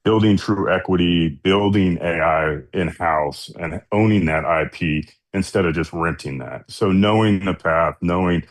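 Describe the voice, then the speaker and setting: A man, a founder guest on a radio show, speaking in a relaxed conversational way. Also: low voice, unhurried, few pauses, dry recording. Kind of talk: casual interview talk.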